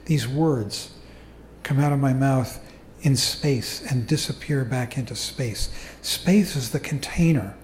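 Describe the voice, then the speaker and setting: A man giving a calm, unhurried dharma talk as a meditation teacher to a group. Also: medium pitch, slight background noise. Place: meditation hall. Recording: echoey room recording.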